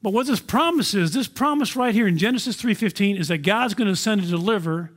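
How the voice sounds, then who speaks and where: A man delivers a sermon with a fairly high-pitched voice. He preaches earnestly and keeps asking the congregation rhetorical questions. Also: fast talker, fairly bright tone. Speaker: pastor.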